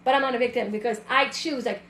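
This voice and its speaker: Brief: woman mindset coach, high voice, emphatic and direct, roomy echo. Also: steady tone, fast, fairly bright tone, slight background noise. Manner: emphatic, acts out other people's voices. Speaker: self-love and mindset coach. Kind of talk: casual monologue to an online audience.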